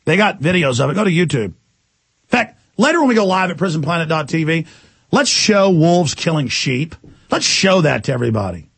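Gravelly, husky male talk host. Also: on the high side, very animated, fairly quick, no echo. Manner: forceful, lecturing, rambling asides. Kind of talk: political monologue.

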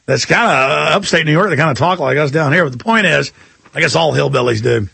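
Combative male talk-radio host, husky and dry, urgent rant. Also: a little high, fast, bright, forceful tone, no echo.

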